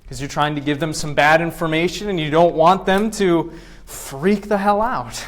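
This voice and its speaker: A male professor giving a classroom lecture, firing quick questions at his students and acting out voices to make his points. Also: fairly high pitch. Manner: acts out voices to demonstrate points.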